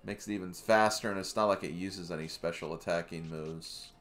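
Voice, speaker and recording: A man's voice: low-pitched, steady tone, fairly quick, a bit bright, faint music behind. A man streaming a game, giving casual commentary as he plays. He thinks aloud and chuckles at his own remarks.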